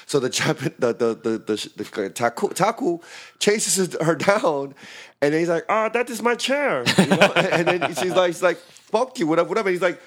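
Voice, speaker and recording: A man, a bouncer and podcast co-host, telling a profane, animated story and acting out the voices and sound effects. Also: a little high, normal speed. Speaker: works as a bouncer. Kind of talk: casual storytelling chat.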